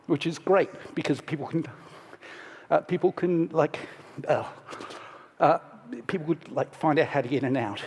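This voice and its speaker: A middle-aged man giving a casual, candid conference talk on stage, restarting his sentences and pausing to steady himself. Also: a little high, slightly rough. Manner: casual and candid, self-interrupting, emotional at moments. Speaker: conference speaker. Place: large conference hall. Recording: hall reverb from stage.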